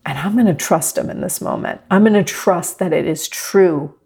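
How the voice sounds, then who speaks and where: Soft-spoken lower-voiced woman meditation teacher. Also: moderate pace, slightly rough. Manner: gentle, reflective, speaks to a class. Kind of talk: guided meditation talk.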